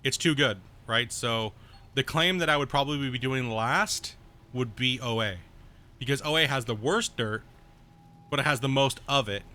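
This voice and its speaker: A man's voice: moderate pace, bright, forceful tone. A man streaming a video game at home, thinking aloud and correcting himself as he plans his next moves. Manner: baby-talks to his cat in a high voice. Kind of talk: casual game commentary.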